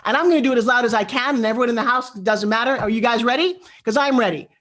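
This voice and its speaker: A woman's voice: on the high side, rapid-fire, fairly bright tone. A middle-aged woman giving a motivational speech over a video call from her living room, moving between intimate storytelling and rallying the audience. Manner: earnest, intimate storytelling that builds to rallying cheers. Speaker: motivational speaker.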